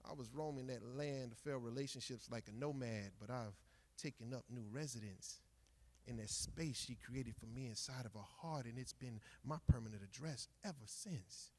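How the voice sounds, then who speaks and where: A man performing a spoken word poem on stage, rhythmic, dropping to hushed murmurs and rising to loud bursts. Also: medium pitch, moderate pace, slight background noise.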